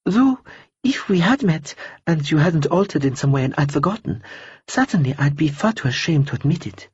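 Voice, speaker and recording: A man's voice: animated, normal speed, a little mellow, slightly rough, no echo, muffled recording. A man doing a wry girlish young woman. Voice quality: higher, girlish voice. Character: poised young woman in shadow robe, wry, ironic.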